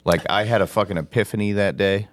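A man with a very low, deep voice tells stories in a loose, profane, laid-back way. The sound is dry and close, with no room around it. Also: steady tone, fast, no room sound. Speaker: podcast co-host. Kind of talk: casual chat.

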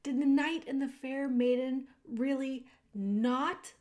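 Slow, expressive woman reading a storybook. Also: high-pitched. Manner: expressive, addresses the listener directly. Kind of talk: reading a children's book aloud.

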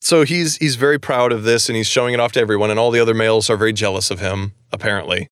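A man's voice: fairly low pitch, rapid-fire, a bit bright, dry recording. Guy rambling through a book recap, swears a lot, dry close mic sound. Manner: rambling, laughing, swears casually. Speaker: podcast co-host recapping a book. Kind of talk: casual chat.

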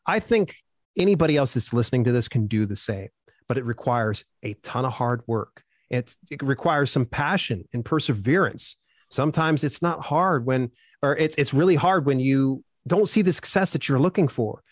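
A man answering interview questions as a self-publishing expert, upbeat and animated, acting out quotes as he tells stories. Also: mid-range voice, normal speed, no echo, clean studio sound.

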